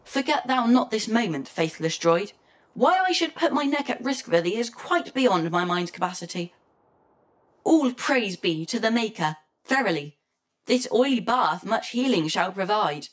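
A woman's voice: medium pitch, animated, moderate pace, natural voice. A woman voicing a fussy, anxious male protocol robot in an amateur verse audio drama, speaking in a formal, prim way. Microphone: home computer mic.

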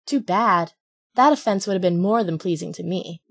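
A woman voicing Pinocchio, a naive and stubborn wooden puppet boy, with a husky voice. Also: fairly low pitch, moderate pace. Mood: disappointed. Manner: insistent, stubborn.

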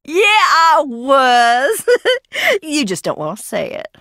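A woman's voice: mid-range voice, sing-song, unhurried, a bit bright, no room sound, clean studio sound, full character voice. An actress playing an eccentric, mocking young woman hiding in an old mansion in a video game, talking with sardonic, theatrical swings. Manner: sardonic, theatrical, swinging between taunts and outbursts.

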